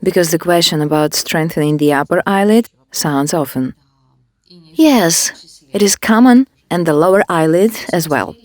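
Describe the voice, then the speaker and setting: Lower-voiced woman instructor, calm. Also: unhurried, dry recording. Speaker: beauty device instructor. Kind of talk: instructional demonstration.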